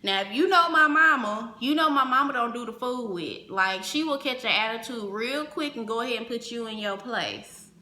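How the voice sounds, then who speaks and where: A woman telling a personal story in casual vlog fashion, animated, acting out the other people's lines as she goes. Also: on the high side, moderate pace, few pauses. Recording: roomy echo.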